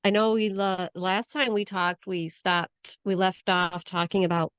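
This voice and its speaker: A woman's voice: on the low side, little pitch movement, unhurried, clear, resonant tone, no room sound, dull audio. A woman co-hosting a casual chat podcast from the United States, rambling and restarting her sentences. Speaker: podcast co-host.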